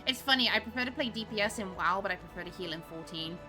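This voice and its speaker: A woman's voice: medium pitch, quick pace, pushed and bright, soft background music. Chatty woman streamer with a slight lisp. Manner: chatty, self-deprecating. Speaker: game streamer. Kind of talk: casual gameplay commentary.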